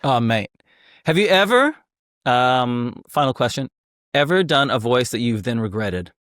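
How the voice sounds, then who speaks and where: A man of middle pitch hosts a casual conversation, relaxed and candid. He talks openly about his own weak spots. The recording is dry and close. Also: measured pace, dry recording. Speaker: host. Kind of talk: casual interview chat.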